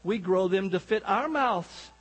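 A man voicing an unimpressed Scottish potato farmer with a put-on Scottish accent, dry and deadpan. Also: high voice, unhurried, big-room sound, slight background noise.

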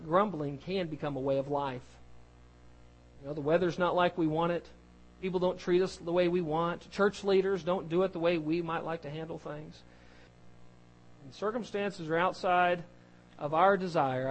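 A man's voice: fairly high pitch, normal speed, poor audio. A man preaching a sermon, talking in a conversational way that builds in force. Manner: conversational preaching, grows louder and more emphatic.

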